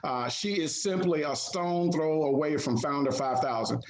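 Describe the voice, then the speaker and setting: A man's voice: a little high, moderate pace. Man hosting with an echoey sound. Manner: warm, encouraging, hesitant with fillers. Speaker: host. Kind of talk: casual online community call.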